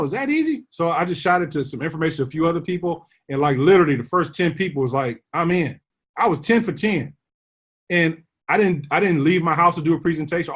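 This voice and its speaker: A man tells his team a business story. He slips into the voices of the people he quotes, full of animated energy. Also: on the high side. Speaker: network marketing leader.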